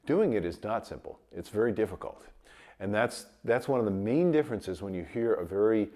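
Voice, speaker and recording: A man teaching trumpet in a casual video lesson, his voice a bit rough from a cold, explaining with light chuckles. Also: on the low side, fairly quick. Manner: relaxed explaining with light chuckles, sings sample tones.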